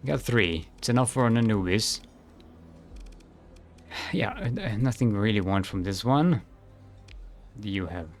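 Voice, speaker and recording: A man's voice: lowish voice, animated, measured pace, long pauses, faint music behind. A man streaming a game, thinking aloud in casual commentary and humming to himself.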